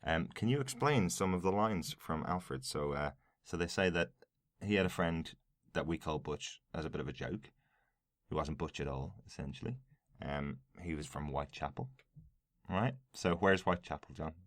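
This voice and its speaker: A man's voice: rumbling low, normal speed, dry recording, clean studio sound. A man with an Irish accent co-hosting a podcast in a casual, chatty way, recapping scenes with lots of fillers and easy laughter. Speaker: podcast co-host.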